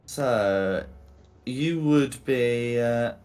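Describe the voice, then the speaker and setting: A male game master narrates a tabletop scene slowly, with many pauses and restarts. His voice has a medium pitch, and faint music plays in the background. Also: darkish tone. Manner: halting, full of fillers and restarts.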